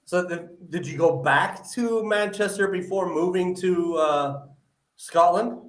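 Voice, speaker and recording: A man's voice: high-pitched, unhurried. Chatty male host in echoey room. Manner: chatty, filler-heavy, upbeat. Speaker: podcast host. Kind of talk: live-stream podcast interview. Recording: roomy echoey audio.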